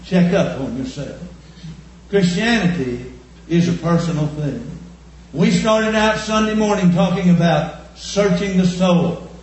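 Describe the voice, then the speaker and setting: A man preaching a sermon, telling homespun stories and repeating his points slowly for emphasis. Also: sits high, a little mellow, a little hiss or hum. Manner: folksy, homespun storytelling with slow emphatic repetition. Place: church. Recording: echoey church room.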